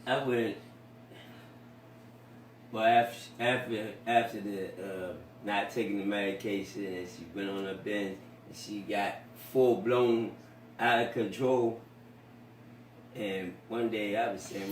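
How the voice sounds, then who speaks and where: A man appearing as a guest with his wife, recounting events in a halting, plain-spoken way. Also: on the low side, slight background noise. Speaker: guest, husband. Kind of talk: candid talk show conversation. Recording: echoey room, distant mic.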